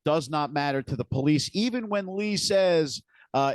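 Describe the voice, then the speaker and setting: A man's voice: medium pitch, normal speed, no room sound. A man co-hosting a podcast, retelling scenes from a TV episode in a casual, detailed way. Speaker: podcast co-host. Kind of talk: casual recap chat.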